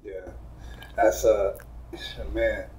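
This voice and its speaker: A man's voice: fairly low pitch, level tone, very slow, mellow. A man hosting a casual interview, talking in easygoing street slang and often repeating words as he starts a question. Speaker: interview host. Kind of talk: conversational interview. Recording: echoey room.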